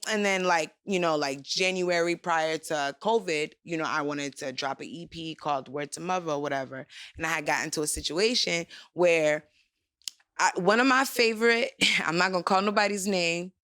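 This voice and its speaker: Young female rapper, interview guest; bright, forceful voice; casual, slang-heavy storytelling with acted-out quotes. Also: lowish voice, moderate pace, dry recording, studio quality. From Worcester, Massachusetts.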